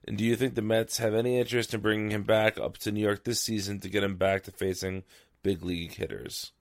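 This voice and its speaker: A man with a lowish voice co-hosts a casual sports podcast. He talks in a wry, sleepy way and reads out listener email. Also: level tone, fairly quick. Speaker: podcast co-host.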